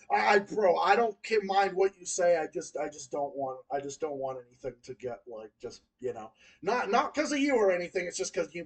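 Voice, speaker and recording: A man hosting a livestream, talking casually, excitable and stammering, swinging between loud outbursts and nervous mumbling. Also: a little high, distant mic, rough recording. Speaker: stream host.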